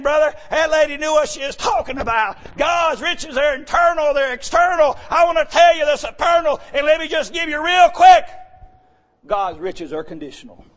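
A man preaching a fervent revival sermon in a church, whooping and swinging from low murmurs to shouts.

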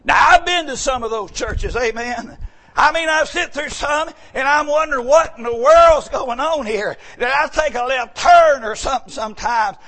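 A preacher with a very high voice delivers a sermon in a folksy storytelling way. He builds from easy talk into loud, drawn-out shouting on his key lines.

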